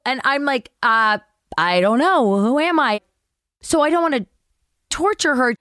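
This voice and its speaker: A woman's voice: high voice, a little slow, dry recording, studio quality. A middle-aged woman, an actress guest on a podcast, telling a casual anecdote and acting out the voices of the people in it, with some swearing. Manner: animated storyteller acting out quotes, swears casually.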